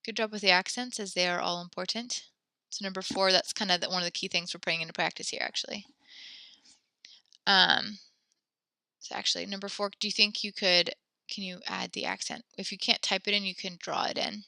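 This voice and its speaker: A woman teaching a French class over a video call, patient and encouraging, reading sentences slowly and praising her students. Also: medium pitch, fairly even intonation, vocal fry, bright, forceful tone, no room sound.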